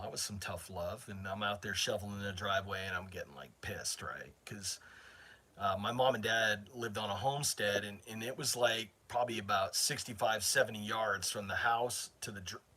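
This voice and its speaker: A man's voice: on the low side, sharp tone. A middle-aged man from northern Maine, hosting his channel and telling a long, rambling story to his viewers. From northern Maine, USA. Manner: rambling, chatty, self-interrupting. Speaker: channel host. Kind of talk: casual storytelling to a live chat.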